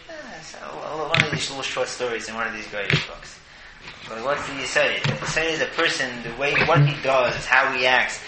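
A man gives a casual Torah talk in a mid-pitched voice, animated and often stumbling over repeated words. The room around him is echoey. Clear noise sits in the background. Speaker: Torah teacher.

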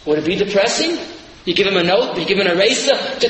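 A man preaching a lively sermon, telling parables and rising to shouted emphasis. His voice sits high and bright. A long echo fills the hall around him. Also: quick pace, slight background noise. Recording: echoey hall.

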